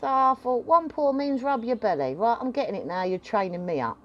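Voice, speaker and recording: Woman, casual rambling vlogger, fairly high and lively voice. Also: a little fast, lo-fi sound. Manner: chatty, rambling, acts out voices. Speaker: dog owner giving advice. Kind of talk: casual chat to camera.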